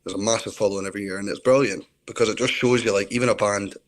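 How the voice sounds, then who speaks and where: Talking very fast in a low, steady voice, a Scottish man from Scotland rambles through stories as a guest in a casual video-call interview.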